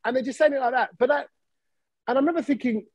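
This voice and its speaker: Brief: male podcast host, high, quick talker, husky and dry, animated storyteller. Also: no room sound. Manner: animated, acts out quoted voices. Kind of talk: casual chat.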